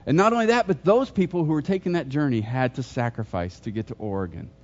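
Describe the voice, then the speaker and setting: A man's voice: mid-range voice, quick pace, a little mellow. A middle-aged man preaching a sermon as pastor, telling stories with humor and asking the congregation questions. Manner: storytelling, jokes and questions to the congregation. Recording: dull lo-fi sermon recording.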